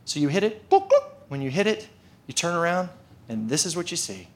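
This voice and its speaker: A man's voice: fairly high pitch, sing-song, fairly quick, noisy background. Casual, chatty male preacher. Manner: casual, conversational, frequent "like" fillers. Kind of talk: storytelling sermon.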